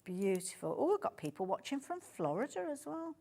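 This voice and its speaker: A woman's voice: a little high, very animated, a little fast, creaky, dark tone. Chatty Brummie woman selling fabric. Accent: Birmingham. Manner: chatty, gushing, self-interrupting. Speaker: shopping channel presenter. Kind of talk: live shopping presentation. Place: TV studio.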